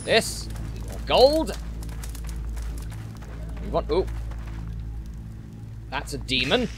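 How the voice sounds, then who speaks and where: A gaming channel host gives chatty, playful let's-play commentary at home, talking at enemies as he plays, in a voice on the high side whose pitch swoops wildly while he speaks extremely slowly. Soft background music plays, and he records on a desktop mic with noise suppression.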